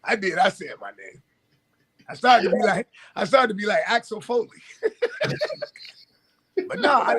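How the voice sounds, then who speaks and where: A man co-hosts a laid-back sports talk show. His voice sits high and swings all over as he acts out the back-and-forth of his stories. He laughs easily and keeps the banter going. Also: measured pace, pauses often. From Michigan. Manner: animated storyteller, acts out dialogue, laughs a lot. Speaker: co-host.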